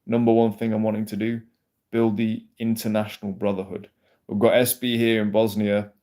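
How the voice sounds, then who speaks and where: A man's voice: on the low side, flat delivery, moderate pace, dark tone. A man chatting casually on a livestream, rambling, swearing freely and answering comments from his chat. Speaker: livestream host.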